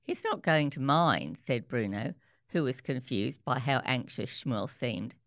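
A radio presenter, introducing guests and reading book extracts in a measured, clear way. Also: medium pitch, lively intonation, a bit bright, dry recording, clean studio sound. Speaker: radio show host.

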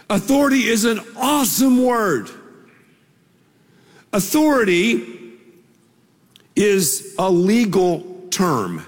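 A male preacher delivering a sermon in a slow, lively voice that rises and falls with emphasis. His tone is a little husky, and his words ring out with the long reverb of a big hall. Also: high-pitched. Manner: emphatic, drawn-out phrasing that swells to shouts.

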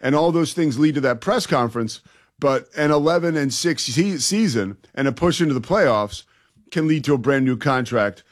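A man's voice: medium pitch, lively intonation, moderate pace. A man co-hosting a sports talk radio show, emphatic, stretching key words and laughing easily.

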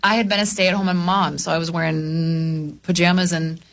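A woman's voice: lowish voice, little pitch movement, normal speed, gravelly. A woman in her thirties, a musical theater actress, chatting as a guest and laughing easily. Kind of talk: casual chat.

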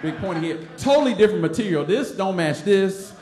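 Onstage, an animated Detroit man, a storyteller and stand-up comic, recounts a personal story and acts out the other characters' voices. His high voice swings widely in pitch, and he talks a little fast. The sound is echoey, with some background noise.

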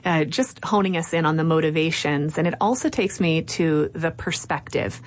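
Thoughtful woman interviewer, low voice. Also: moderate pace, slight background noise. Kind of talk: conversational interview.

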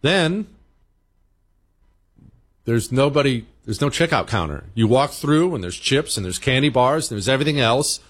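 A man in a talk-show monologue, spinning stories with lots of emphasis and repetition. He drops into playful beeping noises to act out machines. His voice sits at an ordinary middle pitch. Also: moderate pace, long pauses. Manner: animated storytelling, mimics beeping sounds.

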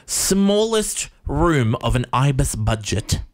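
A man's voice: medium pitch, slow pace. A man co-hosting a casual chat show, telling stories with exasperated asides. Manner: animated storyteller, exasperated asides. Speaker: podcast co-host.

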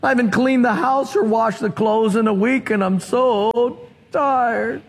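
A weary, complaining woman, worn down by sick kids and chores, as a preacher puts her on. The voice sits high and moves slowly, carried by a long hall echo. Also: full character voice.

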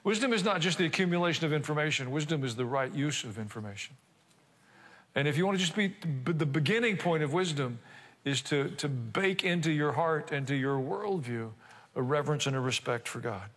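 A man's voice: on the high side, animated, fairly quick, fairly bright tone. An older man preaching a sermon, talking conversationally with asides and rhetorical questions. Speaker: pastor. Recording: reverberant church hall.

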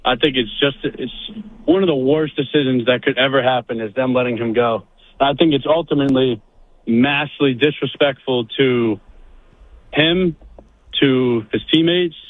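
A man's voice: mid-range voice, no echo. A man calling in to a sports radio show, giving strong, emphatic opinions. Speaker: caller. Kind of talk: call-in radio. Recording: phone line.

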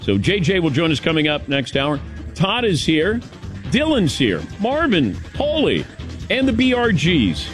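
A man's voice: fairly high pitch, wildly swooping pitch, measured pace, soft background music. A man hosting a talk radio show, chatting casually with his co-hosts and taking calls from listeners. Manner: warm storytelling, takes callers.

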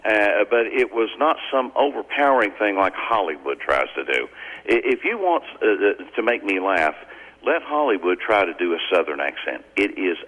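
Deep-voiced lively radio man. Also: moderate pace, low-quality recording. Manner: animated, chatty, colloquial. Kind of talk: casual radio chat. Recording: radio broadcast.

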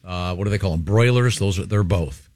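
A man's voice: deep voice, a little fast, a little mellow, no room sound, clean studio sound. A man hosting a morning radio show, reading listener mail with joking asides in casual banter.

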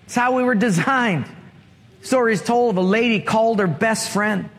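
A man's voice: sits high, moderate pace, a bit bright. A man preaching a sermon as pastor, telling stories with humor and acting out the voices in them. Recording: reverberant hall.

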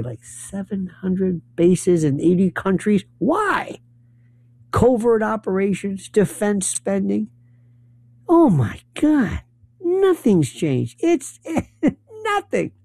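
Sarcastic ranting man with a gravelly voice. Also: high voice, a little mellow, no echo. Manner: sarcastic, incredulous. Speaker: political commentator. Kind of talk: ranting monologue. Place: New York City.

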